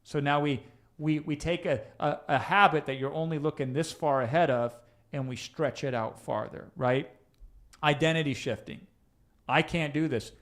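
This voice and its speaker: A man with a voice pitched a little higher than usual coaches a live audience in a loose, conversational way. He speaks straight to his listeners and keeps checking in with them. He often restarts his sentences as he works through his points out loud. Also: normal speed. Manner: conversational, addresses listeners directly with tag questions; frequent restarts and fillers while thinking aloud. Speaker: coach hosting a live session. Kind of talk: live-streamed coaching talk.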